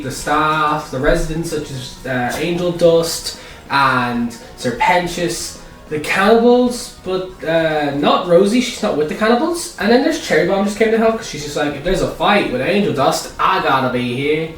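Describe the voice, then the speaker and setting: Man, casual reviewer, swears a lot, excitable outbursts, very echoey room, distant mic. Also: fairly high pitch, moderate pace. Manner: profane, excitable, blurts out outbursts. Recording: echoey room, far from mic, music behind.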